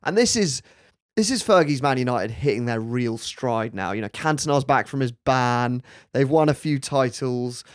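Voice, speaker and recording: A man hosting a podcast, telling a story in a relaxed, chatty way with laughing asides. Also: mid-range voice, normal speed, few pauses, dry recording, clean studio sound. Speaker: podcast host. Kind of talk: casual storytelling chat.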